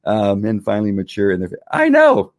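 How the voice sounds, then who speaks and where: A man's voice: on the low side, wildly swooping pitch, normal speed, no echo, studio quality. A man in his fifties talking candidly on a casual livestream as host, rambling with many fillers and restarts. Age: 50s.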